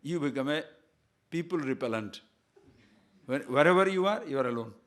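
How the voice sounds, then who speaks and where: A man's voice: on the high side, lively intonation, moderate pace. A man giving a discourse on scripture as a spiritual teacher, emphatic and full of rhetorical questions, sometimes chanting verses in Sanskrit.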